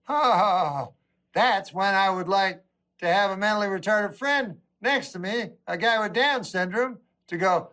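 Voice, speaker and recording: Deadpan man musing in stand-up. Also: sits high, unhurried. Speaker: stand-up comedian. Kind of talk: stand-up monologue.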